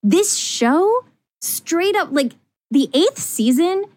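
A woman chatting casually on a podcast, excited and laughing often, her voice climbing high as she gets worked up. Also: takes it slowly, no echo. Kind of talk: casual chat.

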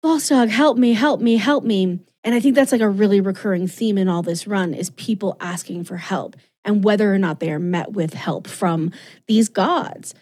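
A woman's voice: mid-range voice, moderate pace, dark tone. A woman co-hosting a podcast, retelling a story in casual, enthusiastic chat full of fillers. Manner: enthusiastic, gushing, chatty with many fillers.

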